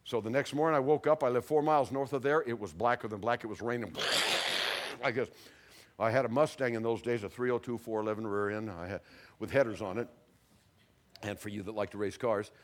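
Animated storytelling male pastor. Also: mid-range voice, brisk. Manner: animated storyteller, acts out voices, drops very soft for dramatic moments. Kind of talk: sermon with storytelling.

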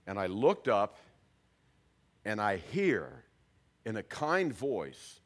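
An older man giving a personal testimony to an audience, an animated storyteller who swings from hushed tones to loud outbursts. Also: on the low side, slow, long pauses.

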